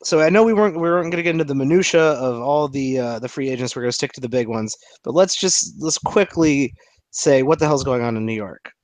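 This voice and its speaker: A man's voice: mid-range voice, fast talker, dry recording. A man co-hosting a casual sports chat, opinionated and playfully indignant. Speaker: podcast co-host.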